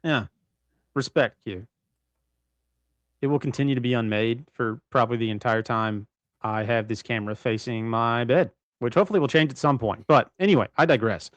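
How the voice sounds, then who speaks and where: A man's voice: mid-range voice, moderate pace, dry recording, dull audio. Rambling man chatting on a livestream. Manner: rambling, self-correcting, laughs often. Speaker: livestream co-host. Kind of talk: casual livestream commentary. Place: bedroom.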